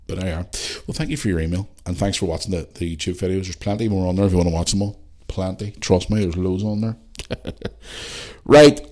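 A man's voice: on the low side, darkish tone. A man hosting a casual solo podcast, chatting in a rambling way and swearing freely. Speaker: podcast host.

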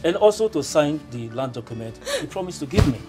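A cold dismissive Nigerian uncle. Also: male voice, a little high, fairly quick, soft background music. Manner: flat, dismissive. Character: cold, heartless middle-aged uncle. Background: film score.

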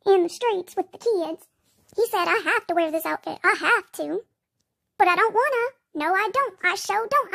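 Voicing a sad-sack male mall cop stuck in a bunny suit for a game role-play story, a performer speaks very high and creaky in a clean studio with no echo. He sounds whiny, embarrassed, self-pitying and pleading, frequently near tears.

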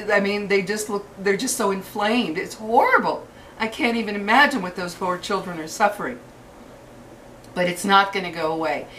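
Older woman, vlog rant, angry and profane, stumbles and restarts, mid pitch, recorded from a distance with faint hiss. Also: fairly bright tone. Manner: furious, cursing, halting restarts. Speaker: vlogger.

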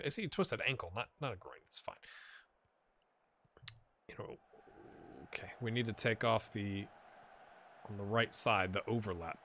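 A man giving casual, animated commentary while playing a football management game, cheering on and talking to his players. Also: lowish voice, vocal fry. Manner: animated, talks to his players, puts on silly voices.

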